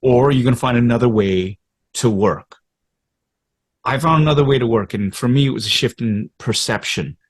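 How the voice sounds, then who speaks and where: Here a Canadian actor in his fifties talks candidly on a podcast about his working life, voice mid-range and pace normal. Animated throughout, he acts out what people said and what went through his head.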